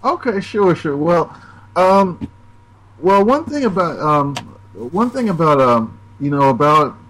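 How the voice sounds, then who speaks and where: A man co-hosting a casual podcast, speaking haltingly with many fillers and restarts. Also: a little high, sing-song, a bit bright, low-quality recording. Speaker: podcast co-host. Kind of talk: casual comic book discussion.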